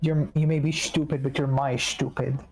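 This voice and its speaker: A co-player on a game stream, chatting and teasing in a relaxed, drawn-out way. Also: medium pitch, slight background noise. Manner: slow, drawn-out joking delivery. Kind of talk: casual chat while gaming.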